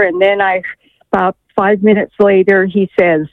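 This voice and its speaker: A woman's voice: medium pitch, flat delivery, normal speed, no echo. A woman calling in to a radio show, telling a long story hesitantly with many fillers over the telephone. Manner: rambling, hesitant, full of fillers. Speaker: radio caller. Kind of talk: call-in storytelling. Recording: tinny phone line, dry.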